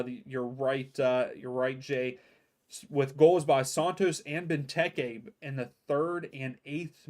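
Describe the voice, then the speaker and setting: A man's voice: mid-range voice, darkish tone. A man hosting a soccer watchalong stream from home, chatting loosely through the halftime scores and a little sleepy. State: sleepy, yawning. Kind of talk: casual live-stream commentary.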